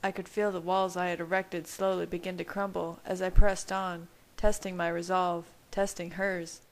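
Woman, lowish voice, steady intimate audiobook narration. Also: normal speed, poor audio. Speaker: fan fiction reader.

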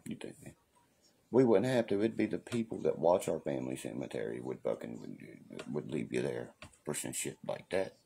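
Very deep gravelly man ranting on a livestream. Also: expressive, moderate pace, dark tone, slight background noise. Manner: profane, repeats "you know what I mean"; defiant and preachy. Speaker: livestream host. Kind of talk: casual livestream rant.

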